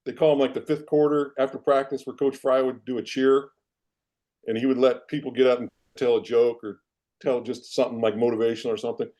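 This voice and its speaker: Mellow-voiced man telling sports stories. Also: mid-range voice, brisk. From Iowa, United States. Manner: animated, self-deprecating anecdotes. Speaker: interview guest, former football player and coach. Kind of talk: casual storytelling in a podcast interview.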